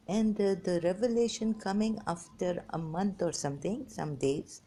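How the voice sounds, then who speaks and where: A woman's voice: fairly low pitch, lively intonation, unhurried, vocal fry, few pauses, warm tone, slight background noise. A woman hosting a religious commentary monologue, rambling and emphatic, speaking non-native English and reading scripture passages aloud. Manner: emphatic, repetitive, swinging between muttering and exclaiming. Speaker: religious commentary channel host.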